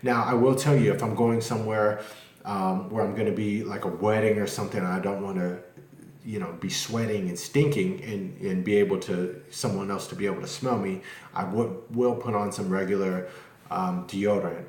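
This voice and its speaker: A man's voice: on the low side, steady tone, moderate pace, a little mellow. A man vlogging casually at home, talking candidly and rambling, with occasional cursing. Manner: rambling, candid, curses freely. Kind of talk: casual vlog talk to camera. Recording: echoey room.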